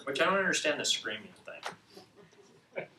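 A man hosting a ministry show, telling a story in an animated, excitable way and acting out the scenes. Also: on the high side, a little slow, a little hiss or hum. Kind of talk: storytelling teaching talk. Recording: echoey room, distant mic.

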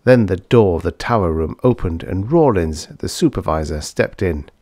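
Low male narrator for a vintage sci-fi audiobook, measured delivery, dry close studio sound. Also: expressive, darkish tone, no room sound. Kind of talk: scripted narration.

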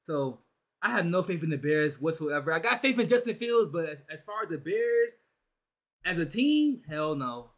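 A man hosting a sports reaction video, talking casually and excitedly to his viewers in slangy chat. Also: fairly high pitch, normal speed.

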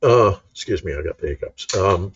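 Deep-voiced, earnest male panelist; dull lo-fi remote mic. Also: measured pace, slightly rough, no room sound. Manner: earnest, urging. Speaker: panel guest. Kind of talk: casual live-stream chat.

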